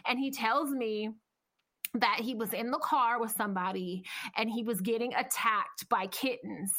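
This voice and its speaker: A woman's voice: on the high side, steady tone, normal speed, bright, forceful tone. A woman co-hosting a podcast, telling a story in casual chat, swearing and laughing as she goes. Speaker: podcast co-host.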